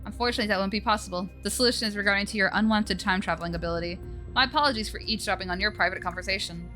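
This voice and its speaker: A woman's voice: medium pitch, rapid-fire, pushed and bright, natural voice. A woman reading a polite older male zombie mastermind in a game, formal and old-fashioned in manner, over faint music. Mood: calm, formal.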